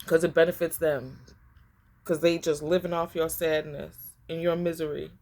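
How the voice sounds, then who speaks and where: A woman's voice: deep voice, little pitch movement, normal speed, darkish tone. A woman giving a casual tarot reading, talking emphatically to her viewers and often repeating herself for effect. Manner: emphatic and repetitive, addressing viewers as y'all. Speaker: tarot reader.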